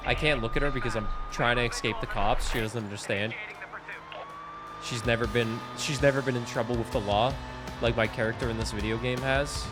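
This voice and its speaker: Young man from Canada, chatty gameplay commentary, loud game music underneath. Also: mid-range voice, steady tone, brisk. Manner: chatty, joking, swearing. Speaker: streamer. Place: home, indoors.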